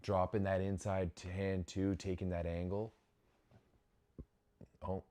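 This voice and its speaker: A young man hosting a volleyball watch-along, giving casual live commentary with sudden excited exclamations and frequent restarts. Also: deep voice, slow pace.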